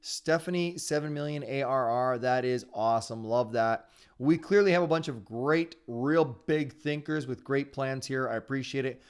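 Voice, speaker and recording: A man hosting a live online sales training webinar, talking fast in an upbeat, encouraging way. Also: mid-range voice, clear, resonant tone. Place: his home area in Ontario.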